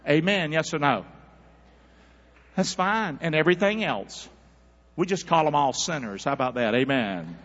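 A man's voice: medium pitch, moderate pace, long pauses, fairly bright tone. A male pastor preaching a sermon in a folksy, conversational way, calling out to his church for responses. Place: church sanctuary. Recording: dull audio in a reverberant hall.

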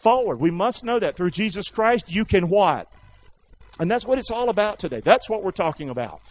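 A man pastor preaching a sermon, calling out questions for the congregation to answer and rising to shouts. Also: high-pitched, very animated, fairly quick, lo-fi sound.

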